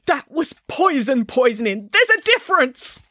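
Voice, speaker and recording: A woman voicing an older female school cook who is proud and easily upset, speaking in a shrill, indignant way. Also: very animated, moderate pace, no echo, clean studio sound.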